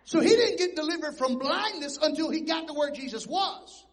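A man pastor preaching a sermon, telling stories and moving between quiet asides and loud shouted points. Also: very high voice, normal speed, in a large hall. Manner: animated storytelling preacher who swings between soft asides and shouting.

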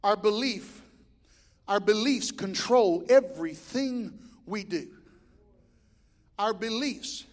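High-voiced preacher man in a reverberant hall. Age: middle-aged. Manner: swings from shouting to quiet storytelling. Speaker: pastor. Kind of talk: sermon.

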